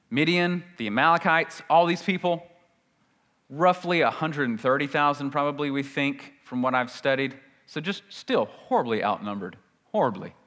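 A man preaching a sermon, emphatic, swinging between loud declarations and hushed asides, reading scripture with dramatic weight. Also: fairly high pitch.

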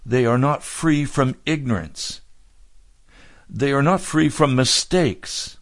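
A man's voice: mid-range voice, no echo. A man, a pastor preaching an earnest radio sermon that builds in fervor.

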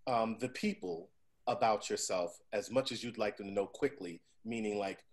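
A male podcast host in his forties tells stories casually, using frequent profanity and asking "right?" so his listener stays with him. His voice is lowish and his speed normal.

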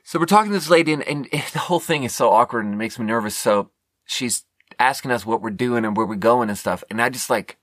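A young man from Sweden, a podcast host, telling a rambling, self-deprecating story with halting fillers. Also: mid-range voice, fairly bright tone, no echo, clean studio sound. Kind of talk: casual storytelling monologue.

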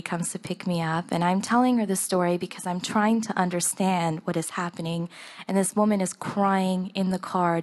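A young woman telling a personal story in the first person, earnest and emotional, laughing at times. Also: lowish voice. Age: young adult.

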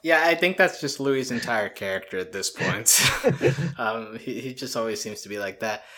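A man co-hosting a casual cartoon review chat, speaking in halting bursts with frequent restarts and fillers. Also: mid-range voice, lively intonation, fairly bright tone. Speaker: podcast co-host.

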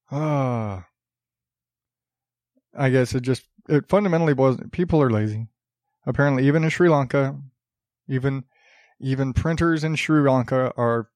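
Male podcast host, sarcastic rambler, slow delivery, dry close studio mic. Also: mid-range voice, a little mellow, no echo. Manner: sarcastic, rambling, with many restarts. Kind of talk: casual solo podcast commentary.

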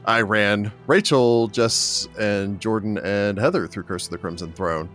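A man who runs tabletop campaigns, talking in a measured, deliberate way with his group. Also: fairly low pitch, fairly even intonation, a bit bright, soft background music. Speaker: game master. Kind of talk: casual group chat.

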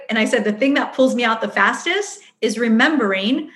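A woman's voice: fairly high pitch, measured pace, hardly any pauses, a bit bright, roomy sound. A woman leading a workshop, answering audience questions in a chatty, earnest way and acting out her own inner voice. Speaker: workshop facilitator. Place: event room.

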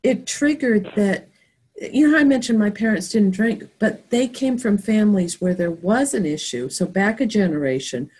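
Husky, mellow-voiced woman host. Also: medium pitch, expressive, normal speed, poor audio. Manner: earnest, reflective. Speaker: podcast host. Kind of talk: casual conversation.

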